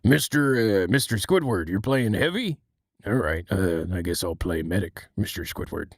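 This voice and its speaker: A man voicing a gruff middle-aged male cartoon crab boss who speaks low, slow and hesitantly. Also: animated, no room sound, clean studio sound.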